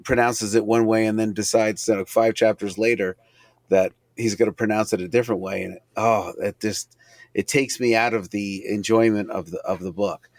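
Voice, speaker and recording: Enthusiastic male author, lowish voice. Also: no echo. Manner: enthusiastic, animated, fast when excited. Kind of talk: casual interview chat.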